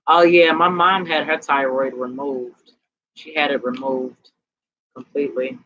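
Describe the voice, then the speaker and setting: A woman giving tarot readings on a casual live stream, chatting in a relaxed, slangy way, tired and sweaty. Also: extremely low pitch, measured pace, dull audio. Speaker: tarot reader.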